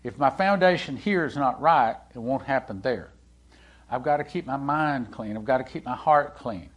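A man preaching a sermon in a conversational way, asking the congregation questions and swinging between loud and hushed delivery. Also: medium pitch, moderate pace, highs cut off. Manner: animated, swings from loud to hushed, acts out quoted dialogue.

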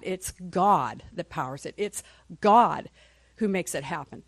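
A woman's voice: fairly low pitch, lively intonation, unhurried, dry recording. A woman teaching a Sunday school class in a conversational way, asking the class questions and often adding "right?". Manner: clears throat often.

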